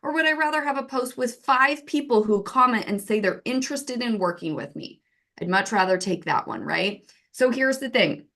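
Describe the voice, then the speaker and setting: Lively woman who keeps asking "right?". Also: fairly high pitch, normal speed. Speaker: software co-founder giving marketing advice. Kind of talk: casual teaching talk with screen share.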